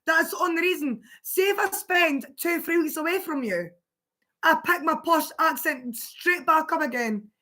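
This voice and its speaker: A woman livestream host with an extremely high, sharp-toned voice talks at a normal speed. She chats casually with her partner, swears freely and laughs a lot.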